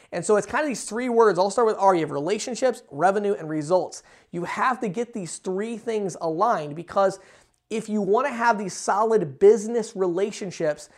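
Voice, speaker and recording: Blunt, persuasive man giving business advice. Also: high voice. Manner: direct, blunt and persuasive, with frequent fillers; mimics listeners in quoted asides. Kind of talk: casual monologue.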